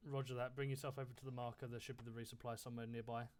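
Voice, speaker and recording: A man gives brisk orders to his squad over a gaming headset, his voice at a middle pitch. He swears when things go wrong, and a faint noise sits behind him. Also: little pitch movement. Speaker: squad leader in a military simulation game. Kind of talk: tactical radio chatter while playing.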